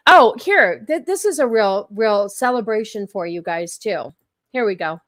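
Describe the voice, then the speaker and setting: A woman's voice: mid-range voice, lively intonation, measured pace, dry recording, studio quality. A woman hosting a casual livestream, chatting with viewers and repeating herself with lots of fillers. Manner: talks back to chat, many fillers and repeats. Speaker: livestream host.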